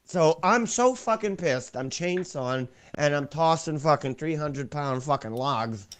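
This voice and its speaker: A man's voice: fairly high pitch, animated, measured pace. A man co-hosting a casual podcast, swearing constantly as he rants. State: sore back. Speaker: podcast co-host. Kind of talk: casual profane banter.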